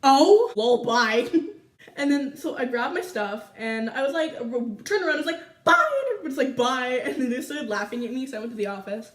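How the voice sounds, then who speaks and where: A teenage girl from Canada telling a school story to her viewers in a chatty, animated way full of fillers. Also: on the high side, fast, hardly any pauses, echoey room, far from the mic. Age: teens. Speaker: vlogger. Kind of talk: casual storytime chat.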